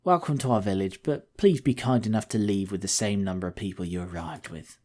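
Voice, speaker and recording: Man putting on a soft, low-voiced halfling village woman for a game let's-play, hospitable, a touch guarded. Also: a little fast, close to an everyday voice. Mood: wary. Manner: reading game dialogue aloud in a soft put-on female voice. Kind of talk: reading video game dialogue.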